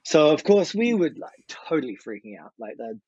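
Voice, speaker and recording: Middle-aged New Zealand man, lively raconteur, slightly high voice, dry dull lo-fi recording. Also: fairly quick, breathy edge, dry recording. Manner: lively, animated storytelling with swearing. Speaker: guest musician. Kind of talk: casual storytelling.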